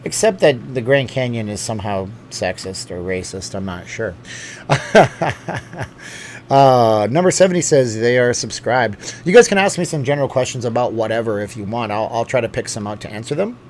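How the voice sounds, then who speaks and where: A man hosting a casual stream talks a little fast in a mid-range voice, barely pausing. Against slight background noise, he rambles through viewer comments with plenty of fillers, restarts and corrections of himself.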